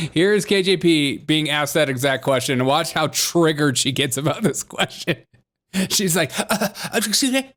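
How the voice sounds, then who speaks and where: A man's voice: fairly high pitch, measured pace, fairly bright tone. A man hosting a comedy news show, commenting in a mocking tone and laughing often.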